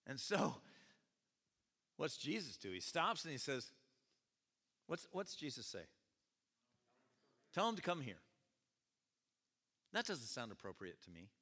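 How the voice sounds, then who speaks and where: A male pastor preaching a sermon, telling the story in an animated way and breaking into shouted quotes, in a church with long reverb. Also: medium pitch, measured pace, pauses often. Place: church sanctuary. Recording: long reverb of a large hall.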